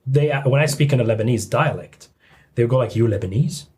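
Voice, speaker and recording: Husky, easygoing male podcast guest. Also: medium pitch, a little fast. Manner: relaxed, hesitant, many fillers. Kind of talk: casual podcast chat.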